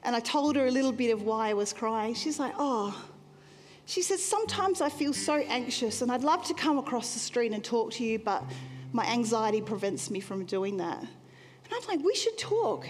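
A woman sharing a personal testimony in a sermon, talking earnestly and conversationally and slowing down for emphasis. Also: fairly high pitch. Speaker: church speaker sharing a testimony. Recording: long hall reverb, faint music behind.

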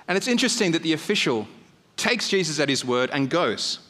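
A male pastor giving a conversational sermon, telling the story with animated emphasis. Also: on the high side, brisk. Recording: long hall reverb.

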